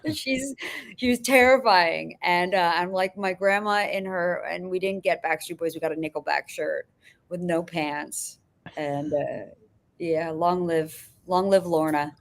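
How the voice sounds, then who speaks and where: A woman's voice: fairly low pitch, slow. A woman filmmaker guest on a podcast, telling profane, rambling anecdotes and often laughing. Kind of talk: casual storytelling.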